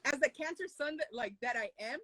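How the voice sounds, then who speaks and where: A woman's voice: high voice, a little fast, a crowd in the background. A woman life coach chatting casually on a podcast, blunt and swearing, acting out what she tells herself. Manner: blunt, swears, acts out quotes. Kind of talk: casual chat.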